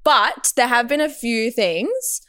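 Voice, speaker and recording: A woman's voice: a little high, expressive, slow, bright, forceful tone, smooth. A young woman chatting as a podcast guest, blunt and swearing freely while acting out quotes. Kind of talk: casual podcast chat.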